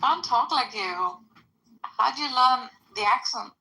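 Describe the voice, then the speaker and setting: A woman co-host fires back quick, teasing replies. Her voice is high and animated. It has a bright, forceful edge. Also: rough recording.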